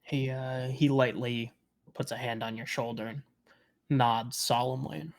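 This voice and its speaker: A man's voice: mid-range voice, flat delivery, measured pace, creaky. A man running a tabletop game as game master, describing characters with small stammers.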